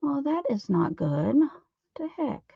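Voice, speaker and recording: A woman's voice: sits high, very animated, measured pace, vocal fry, dry recording, highs cut off. A woman hosting a casual art livestream from her craft table at home, chatting with viewers and greeting them by name.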